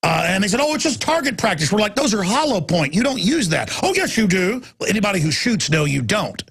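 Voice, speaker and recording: A man hosting a talk radio show, delivering an impassioned, ranting monologue that swings from loud outbursts to low asides. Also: very animated, fairly quick, creaky, slightly rough.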